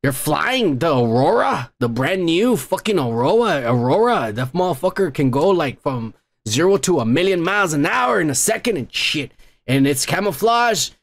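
A man's voice: fairly high pitch, sing-song, normal speed. A man hosting his own podcast, talking in a profane, grumbling rant and cursing constantly. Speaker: podcast host. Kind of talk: profane ranting monologue.

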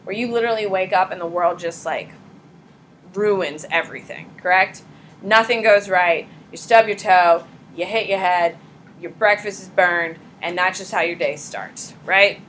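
Woman, pregnant, high school teacher, classroom lecture, blunt casual manner, bright tone. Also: a little slow, a little hiss or hum, poor audio. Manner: blunt, casual, talks straight to students with mild swearing.

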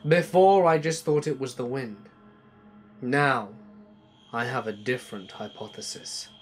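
A man reading true scary stories aloud as a narrator, slow and hushed, letting his voice sink low at the ends of lines. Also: faint music behind. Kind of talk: scripted horror narration.

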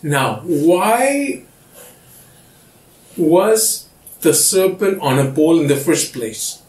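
A man's voice: on the high side, big pitch swings, very slow, darkish tone. A man, the pastor, teaching a Bible study and often checking that his listeners understand. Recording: echoey room from far off.

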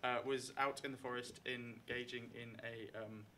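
Game master, male, live stage show, bright and hesitant, faint room sound. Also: mid-range voice, little pitch movement, normal speed, a little hiss or hum. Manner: hesitant, many fillers, chatty. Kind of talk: narrating a live tabletop game. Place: live show before an audience.

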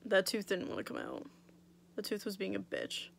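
Young woman vlogger, gravelly, swears casually, chatty and candid, mouth swollen after surgery. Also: mid-range voice, wildly swooping pitch, normal speed, slight background noise. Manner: chatty, blunt, swears freely, lots of "like". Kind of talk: casual storytelling vlog.

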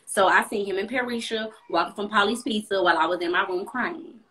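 A woman's voice: medium pitch, a little fast, sharp tone. A young woman livestreaming from her apartment, telling a personal story in a blunt, profane, chatty way. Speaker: live streamer. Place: apartment room at home.

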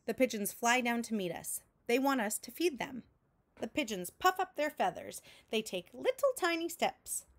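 A woman teacher reading a picture book aloud to children in a slow, clear storytelling manner, making sound effects with her voice between lines. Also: on the high side, expressive. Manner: adds vocal sound effects between narration.

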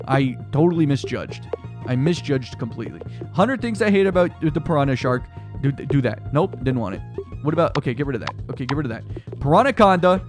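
A young man narrates his gameplay in casual commentary, muttering to himself and breaking into excitable outbursts. His voice sits a bit high and swings widely in pitch, with faint music underneath. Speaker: gaming video host.

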